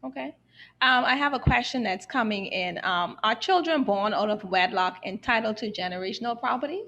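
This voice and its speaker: A woman hosts a real estate show and reads viewer questions aloud slowly and carefully. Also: fairly high pitch, fairly bright tone, highs cut off. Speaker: host.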